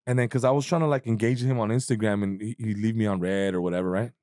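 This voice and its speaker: A man's voice: on the low side, steady tone, fast talker, darkish tone, dry recording, clean studio sound. A young adult man, a comedian guest, telling stories in casual chat with a laid-back, profane manner and lots of fillers.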